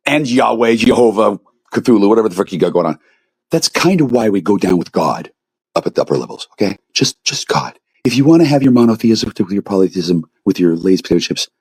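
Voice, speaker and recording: Brief: man, low husky voice, furious swearing monologue to camera. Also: a little mellow. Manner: furious, confrontational, swears constantly. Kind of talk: angry profane rant.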